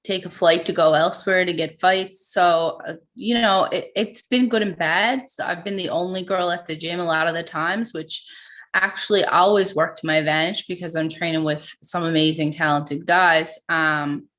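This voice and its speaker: A young woman hosts a relaxed interview, sounding upbeat and chatty. Her voice sits a little low for a woman. She laughs easily and fills her talk with "like". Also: moderate pace. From Newfoundland, Canada. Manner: upbeat, laughs often, says "like" a lot. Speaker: host. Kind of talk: casual interview chat.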